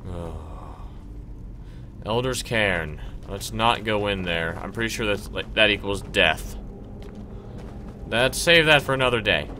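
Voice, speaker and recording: A young man gives let's play commentary, exasperated and swearing as he plays. His voice is bright and lively, jumping up and down in pitch, but he talks slowly. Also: a little hiss or hum. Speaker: gamer.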